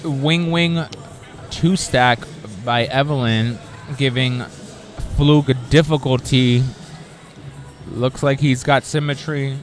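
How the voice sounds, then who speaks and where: A man's voice: mid-range voice, fairly even intonation, takes it slowly, faint music behind. A man doing live commentary on a competition, playful, laughing often and calling results with announcer energy.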